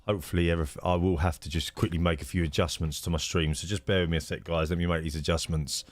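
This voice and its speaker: Man, low voice, casual stream host, rambling with fillers, dry recording. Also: flat delivery, fast, no room sound. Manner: chatty, greets viewers by name, many fillers. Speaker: streamer hosting a racing league. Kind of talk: casual live-stream chat.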